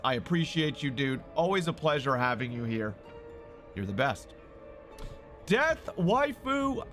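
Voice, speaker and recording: A man live-streaming who talks loudly and excitably, swearing and greeting viewers in chat. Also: medium pitch.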